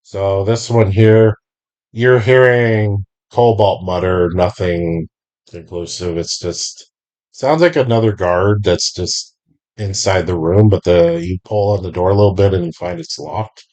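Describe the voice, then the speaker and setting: A man running a tabletop game as game master, describing scenes slowly and deliberately. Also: low voice, a little mellow.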